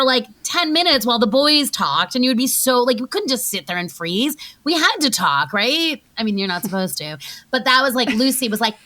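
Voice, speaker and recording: Bright-voiced chatty woman storyteller. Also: on the high side. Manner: chatty, rapid, many "like"s and acted-out quotes. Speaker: guest actress. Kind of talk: casual interview storytelling.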